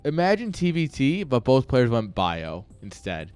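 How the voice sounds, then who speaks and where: A man's voice: medium pitch, huge pitch swings, measured pace, darkish tone, clear, resonant tone, no room sound, faint music behind. A man casually commentating a live video game match, ranting and joking while chatting with viewers. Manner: rambling, ranting, jokey, chats with viewers. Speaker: esports caster and streamer.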